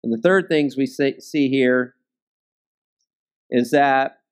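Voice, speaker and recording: A man's voice: mid-range voice, takes it slowly, clear, resonant tone. A man leading a Bible study, teaching in a conversational way and often checking in with his listeners.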